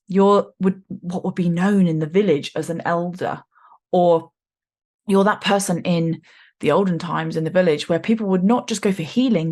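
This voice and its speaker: A woman in her forties hosts a casual podcast in an animated, chatty way, with slangy asides. Her voice sits a little low for a woman. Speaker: podcast host. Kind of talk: casual spiritual podcast monologue.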